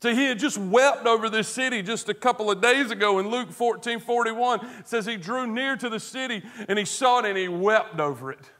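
A man preaching a sermon as pastor, earnest, moving between hushed tones and emphatic stress, with rhetorical questions. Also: high voice, fairly quick, hardly any pauses.

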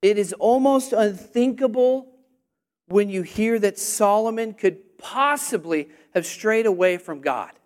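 A man with a high, light voice delivers an energetic sermon, calling out to the congregation and waiting for their responses. At his peaks he rises almost to a shout.

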